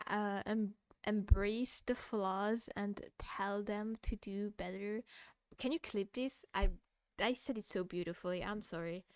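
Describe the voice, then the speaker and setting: A woman's voice: medium pitch, clear, resonant tone, dry recording. A young woman streamer in casual livestream commentary, ranting hotly while reading a post aloud, swearing and breaking into laughter. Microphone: close mic she bumps.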